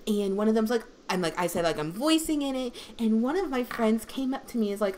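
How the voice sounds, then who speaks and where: A young woman voice actor with a deep voice, chatting casually on a livestream and rambling with many fillers. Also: brisk, hardly any pauses, darkish tone, slight background noise. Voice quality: deep female voice.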